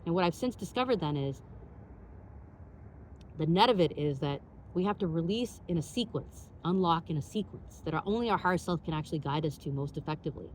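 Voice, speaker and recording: A woman hosting her own show, telling a personal story in an animated way, full of "like" fillers and acted-out dialogue. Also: on the low side, brisk, a little hiss or hum. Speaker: podcast host.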